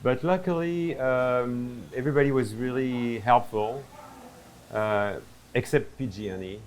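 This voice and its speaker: A man's voice: medium pitch, measured pace, a little hiss or hum. A middle-aged man with a French accent, a chef and restaurant owner, chatting in an interview with self-mocking humor, in a busy restaurant. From France. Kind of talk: casual interview. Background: diners chatting and laughing.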